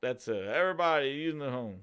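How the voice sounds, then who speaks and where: A man's voice: mid-range voice, animated, fast talker, a bit bright, smooth. A man hosting his own gaming channel, ranting casually in a rambling way, with frequent swearing and laughter. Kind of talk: casual reaction rant.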